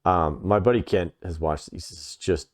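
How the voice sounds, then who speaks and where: Deep-voiced podcast co-host, rambling. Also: male voice, a little fast, dry recording, clean studio sound. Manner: rambling, filler-heavy storytelling. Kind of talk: casual chat.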